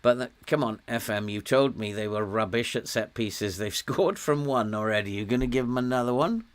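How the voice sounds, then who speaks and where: An older man with a Welsh accent talking through a football management game as he streams it. He chats loosely, cheers his players on and tells them off, with plenty of little chuckles. His voice sits in an ordinary middle pitch. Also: moderate pace. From Wales. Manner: chatty, coaxes and scolds his virtual players, chuckles often. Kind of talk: casual gameplay commentary.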